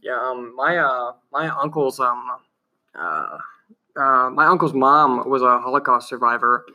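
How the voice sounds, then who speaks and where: A man co-hosting a podcast, speaking haltingly with lots of "um" and "like". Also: mid-range voice, expressive, sharp tone, highs cut off. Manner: halting, heavy on "um" and "like". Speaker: podcast co-host. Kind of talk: casual chat.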